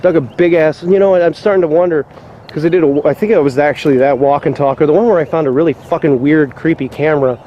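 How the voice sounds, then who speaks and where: A man's voice: on the high side, fast, highs cut off, slight background noise. A man vlogging on a walk outdoors along a rural trail, ranting and swearing in exasperation. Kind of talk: walk-and-talk vlog rant.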